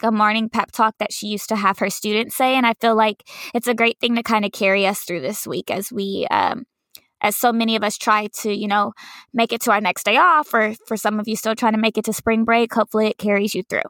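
A young woman with a high, bright, crisp voice tells classroom stories in a casual podcast chat. She acts out the children and herself in a sing-song teacher voice. The sound is dry and close. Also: a little fast, no echo. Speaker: kindergarten teacher and podcast co-host.

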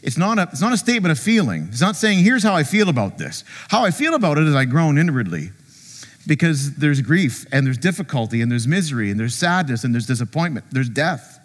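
A man preaching a sermon as pastor, conversational and animated, joking with the congregation and acting out quotes. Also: a little high, brisk, in a large hall. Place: church sanctuary.

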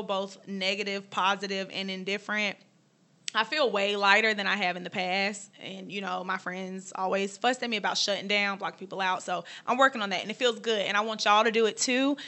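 A woman's voice: medium pitch, sharp tone. A young woman co-hosting a podcast, talking candidly and casually about feelings, with many "like"s and "y'all"s. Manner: candid, chatty, uses "like" and "y'all". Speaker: podcast co-host. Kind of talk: casual chat.

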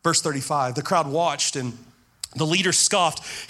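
A man's voice: fairly high pitch, measured pace, sharp tone. A man preaching a sermon as pastor, earnest, repeating words as he drives points home.

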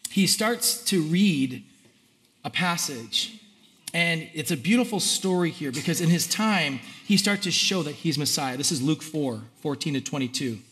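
High-voiced animated male preacher. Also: a little slow. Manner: animated, conversational preaching, acting out crowd reactions; reads scripture aloud. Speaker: pastor. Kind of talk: sermon.

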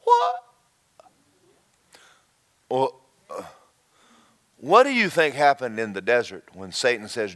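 A man preaching a sermon, folksy and animated, repeating himself and breaking into shouted asides. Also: mid-range voice, slow, long pauses. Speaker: pastor.

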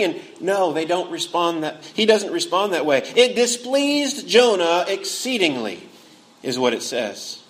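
A man's voice: sits high, big pitch swings, measured pace. A man preaching a sermon in an earnest way, often repeating words as he goes and acting out what he quotes. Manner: earnest, acts out quotes with feeling; frequent word repeats.

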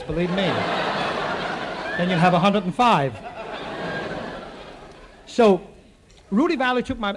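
A high, bright-toned man works a live audience through a rapid comic monologue, tossing asides to the crowd. The sound is an old radio recording with a faint hiss underneath. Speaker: comedian and radio show host. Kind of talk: stage comedy monologue before a live audience. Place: theater studio with live audience.

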